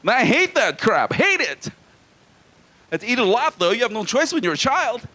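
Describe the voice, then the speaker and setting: A man's voice: very high voice, big pitch swings, normal speed, sharp tone. A man from Hawaii doing a live stand-up routine in a small comedy venue, with crude jokes and playful banter with the crowd.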